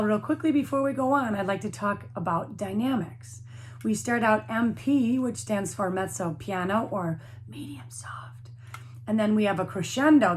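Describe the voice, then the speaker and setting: A woman's voice: medium pitch, a little hiss or hum. A woman teaching a flute lesson to young students, explaining patiently and encouragingly, step by step.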